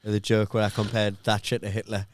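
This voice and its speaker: A man's voice: lowish voice, flat delivery, fast talker. A man, a comedian guest, earnestly explaining his stand-up jokes in casual chat.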